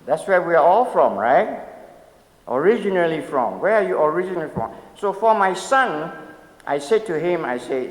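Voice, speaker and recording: A man's voice: on the high side, lively intonation, moderate pace. Older male pastor in an echoing church. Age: 70s. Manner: storytelling, asks the audience questions, light humor. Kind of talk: conversational sermon meditation. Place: church sanctuary. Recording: long echoey church reverb.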